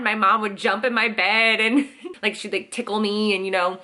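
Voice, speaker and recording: Bright, chatty woman vlogger. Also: medium pitch, steady tone, moderate pace. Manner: chatty, many "like"s, acts out quotes. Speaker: vlogger host. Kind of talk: casual Q&A chat.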